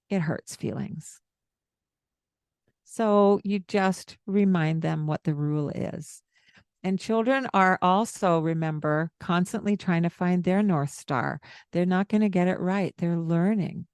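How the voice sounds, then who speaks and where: A woman co-hosting a parenting podcast, giving calm, gentle advice and showing tones of voice. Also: on the low side, slow, clear, resonant tone, no room sound, studio quality. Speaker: podcast co-host, parenting coach. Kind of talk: casual advice chat.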